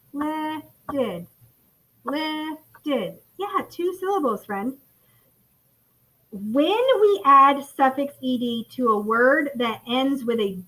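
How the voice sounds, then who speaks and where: A woman teaching young children phonics in a recorded lesson. Her voice sits high and sounds bright, and she talks slowly and warmly encouraging, addressing the kids as friends. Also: rough recording. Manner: encouraging, calls listeners friends. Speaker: first grade phonics teacher.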